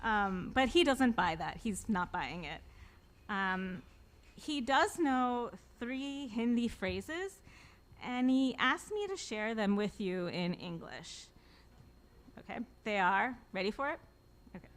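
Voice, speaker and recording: A woman's voice: on the high side, animated, slow. Wry woman telling a funny story. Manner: wry, self-deprecating, laughs at her own jokes. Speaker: author telling a personal story on stage. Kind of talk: live comic storytelling to an audience.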